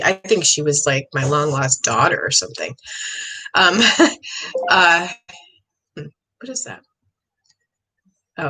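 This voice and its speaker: Chatty bright-voiced woman psychic host. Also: on the low side, low-quality recording. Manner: chatty, rambling, excitable, frequent throat clearing. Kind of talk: live-stream reading.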